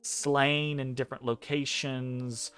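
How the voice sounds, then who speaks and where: A man narrating a dream scene as game master of a tabletop game, measured and hesitant, pausing between phrases. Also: mid-range voice, level tone, clear, resonant tone. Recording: soft music behind.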